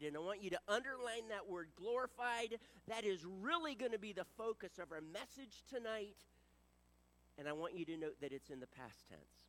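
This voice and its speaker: High-voiced pastor preaching a sermon. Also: male voice, lively intonation, moderate pace. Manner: earnest and exhorting, dropping soft for prayer and rising loud for emphasis. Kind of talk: sermon with scripture reading and prayer.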